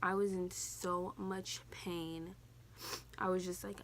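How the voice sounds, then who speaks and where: A woman's voice: fairly low pitch, little pitch movement, slow, a little hiss or hum. A teenage woman telling a personal story in a casual, candid vlog, swearing now and then. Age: teens. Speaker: vlogger.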